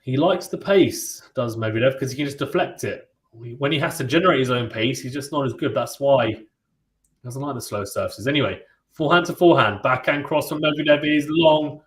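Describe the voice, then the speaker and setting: A man hosting a live tennis watchalong stream. He calls the play-by-play in a relaxed, chatty way and reads out viewer comments and reacts to them. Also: mid-range voice, brisk. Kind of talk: live play-by-play commentary mixed with casual chat. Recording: roomy echo.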